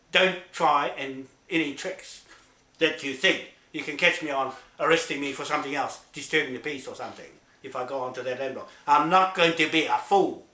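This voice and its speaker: A man's voice: on the high side, pushed and bright, roomy sound. A man delivering an angry, confrontational public statement, swearing and repeatedly asking "right?". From New Zealand. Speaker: land claimant making a public statement.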